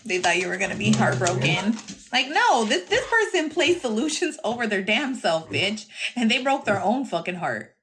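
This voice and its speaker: A woman's voice: mid-range voice, very animated, normal speed, crowd noise. A young adult woman giving a casual tarot reading to her viewers, brash, profane and teasing, often breaking into laughter. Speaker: tarot reader.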